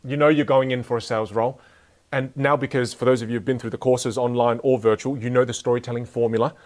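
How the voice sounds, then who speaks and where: Young male speaker, energetic and joking, teaching communication to a live audience. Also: medium pitch, fast. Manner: energetic, playful, jokes with the audience. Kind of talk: live motivational talk to an audience.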